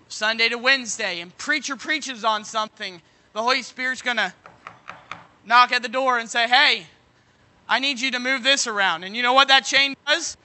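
A man preaching a sermon, leaning on folksy everyday examples and asking "you know what?" again and again, now and then breaking into shouts. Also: very high-pitched. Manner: bursts into shouting at moments.

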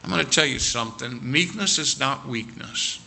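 A man telling an animated story with quoted dialogue during a sermon. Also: mid-range voice, normal speed, gravelly.

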